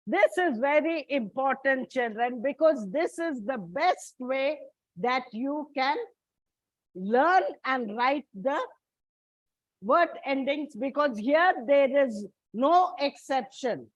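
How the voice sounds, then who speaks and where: A woman teacher with an Indian English accent gives an exam coaching lecture in a high voice. She talks slowly and patiently, addressing her students as children. The recording is dry and a little dull. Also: expressive, dry recording.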